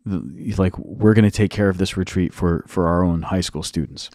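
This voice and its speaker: A man's voice: low-pitched, steady tone, fairly quick, a little mellow, dry recording, clean studio sound. A man co-hosting a casual podcast as a youth minister and teacher, explaining at length with many restarts.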